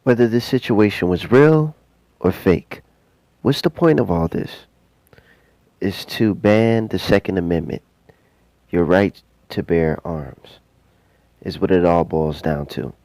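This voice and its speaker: A low-voiced man with a Southern US accent delivers commentary very slowly and deliberately. His tone is dark and mellow, and he sounds skeptical and insinuating. The sound is dry, with no room echo. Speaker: online commentator. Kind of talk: commentary video.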